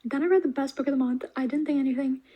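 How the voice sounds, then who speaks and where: A young woman reviewing books in a casual vlog, gushing and animated, with soft half-whispered asides. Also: sits high, very fast, lo-fi sound. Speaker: book reviewer. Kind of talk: casual reading wrap-up vlog.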